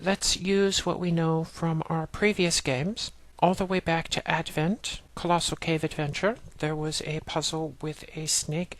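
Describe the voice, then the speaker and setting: A woman narrating a walkthrough of an old text adventure game, plainly reading commands and game text aloud and explaining each step. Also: lowish voice. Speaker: let's play narrator. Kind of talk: let's play walkthrough narration.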